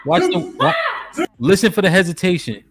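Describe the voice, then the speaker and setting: A man's voice: sits high, wildly swooping pitch, moderate pace, fairly bright tone, slightly rough, faint music behind. A man hosting a live stream, talking casually and greeting chat viewers by name while he breaks down a video. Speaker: streamer host reacting to a video.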